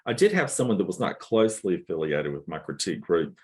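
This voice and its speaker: A man speaking as a novelist on a panel, measured and thoughtful with careful pauses. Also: sits low, very animated, darkish tone. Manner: measured, thoughtful, hesitant fillers. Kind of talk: casual panel discussion.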